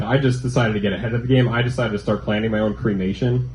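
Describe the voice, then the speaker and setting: A man doing a stand-up set, telling a deadpan story with lots of filler "like". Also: medium pitch, fast, hardly any pauses, echoey room, background noise. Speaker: stand-up comic.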